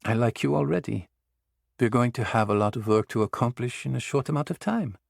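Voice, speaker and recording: A man's voice: mid-range voice, fairly quick, creaky, no room sound, clean studio sound. A man voicing a poised, disarming female psychologist in her late thirties in an audiobook. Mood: brisk.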